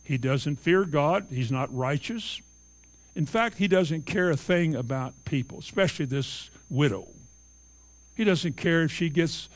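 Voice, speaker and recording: Guy preaching, tells bible stories with lots of punch, voice sits a bit high. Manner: emphatic storytelling, acting out the Bible characters' voices. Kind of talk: sermon.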